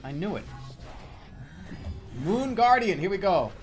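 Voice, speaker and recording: A man streaming gameplay, commenting casually and swearing a lot, with sudden loud excited outbursts. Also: high voice, takes it slowly, faint music behind.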